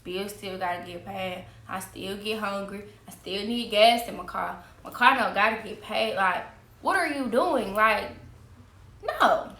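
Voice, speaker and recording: A woman hosts a casual chat in a sharp, bright voice. She talks in animated, quick bursts, and the room adds a noticeable echo. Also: medium pitch. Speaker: vlogger host. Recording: roomy echo.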